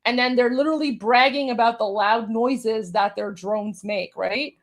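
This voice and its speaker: Woman, livestream host, high voice, sarcastic reaction commentary, mocking, chatty with viewers. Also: moderate pace. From Iran.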